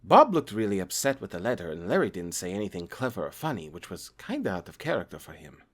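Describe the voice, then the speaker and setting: Guy reading a creepypasta out loud, plain storytelling voice, trips on words sometimes. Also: sits low, big pitch swings, fast. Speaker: creepypasta narrator. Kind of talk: reading a horror story aloud.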